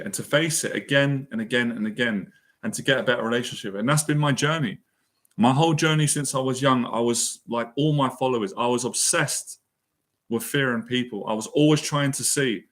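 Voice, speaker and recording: Here a man whose mid-range voice sounds a bit bright mentors listeners on anxiety and confidence. It's a sincere, feeling-filled motivational monologue in which he keeps restating key phrases for emphasis.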